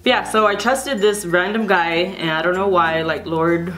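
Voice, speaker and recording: A woman's voice: lowish voice, normal speed, a bit bright, faint music behind. A young woman vlogger casually telling a storytime to camera, rambling with lots of fillers.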